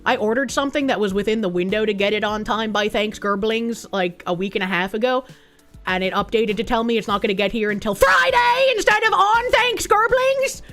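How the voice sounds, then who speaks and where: Speaking quickly at a medium pitch over soft background music, a streamer from the United States with a Boston accent works through donation messages. Her casual chatter is full of sarcastic asides and laughter.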